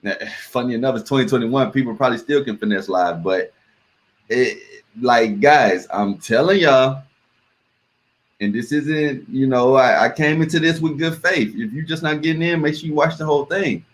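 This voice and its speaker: Here a reaction-video host talks to his audience in a casual, emphatic way, doubling up words for emphasis. His voice is medium-pitched and his pace moderate.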